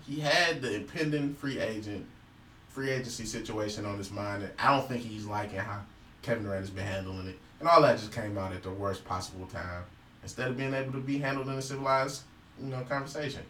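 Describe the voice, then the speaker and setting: A man in a casual sports debate, animated and argumentative, swearing freely. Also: mid-range voice, a little fast, reverberant, far from the mic, a little hiss or hum, poor audio.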